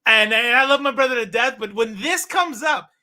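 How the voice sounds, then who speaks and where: A man in his thirties telling stories in a casual chat, animated, swearing and acting out what people said. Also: very high voice, normal speed. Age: 30s. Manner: animated, swearing, acts out quoted dialogue. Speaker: podcast guest.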